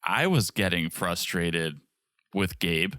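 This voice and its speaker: A man's voice: deep voice, slow pace, dry recording, clean studio sound. A man co-hosting a podcast, giving opinionated takes on a reality show in casual chat. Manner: opinionated, lively intonation. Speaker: podcast co-host.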